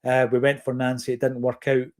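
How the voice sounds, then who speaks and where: A man's voice: mid-range voice, completely flat delivery, a little mellow. A man from Fife with a Scottish accent, hosting a football podcast and answering listener comments in an earnest, opinionated way. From Fife, Scotland. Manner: earnest, opinionated, measured with fillers.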